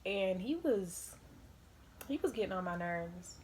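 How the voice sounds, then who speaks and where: Young woman doing a storytime vlog, lively, laughs a lot, cusses, bit of background hiss. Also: mid-range voice, measured pace. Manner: animated, laughs often, swears freely. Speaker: vlogger telling stories. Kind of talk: casual storytime.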